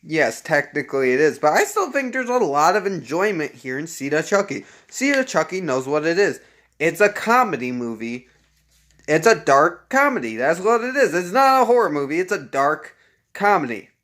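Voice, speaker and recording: A man with a slightly raised pitch talks loosely about movies, wandering between thoughts. He swears freely, and ums and uhs fill his sentences. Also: big pitch swings, moderate pace, fairly bright tone. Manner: rambling, profane, full of ums and uhs. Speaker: vlogger reviewing horror films. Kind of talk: casual chat.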